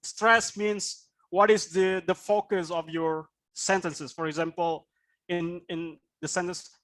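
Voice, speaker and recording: Taking it slowly, this Indonesian IELTS speaking teacher has a high-pitched, fairly bright, steady voice. During his online class he explains each point and often adds the tag question "right?"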